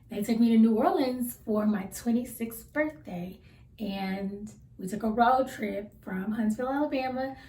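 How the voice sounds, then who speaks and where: A woman in her thirties chats on her vlog in a slightly high voice, rambling through stories with easy slang. She sits well back from the microphone. The room gives her voice a roomy echo. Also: warm tone, slight background noise. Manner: chatty, rambling storyteller with colloquial slang. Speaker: vlogger. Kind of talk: casual get-to-know-me chat. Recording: roomy sound from a distance.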